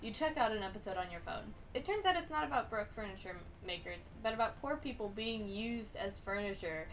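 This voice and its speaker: A woman's voice: medium pitch, lively intonation, a little fast, slight background noise. A woman streamer reading a game aloud with playful, giggly narration.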